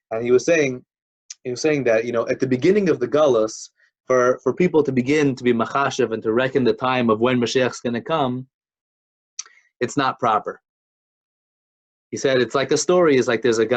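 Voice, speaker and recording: A Torah teacher leads an informal class in a mid-range voice, and the recording sounds muffled. He talks conversationally, restarting often, using plenty of fillers, and telling stories.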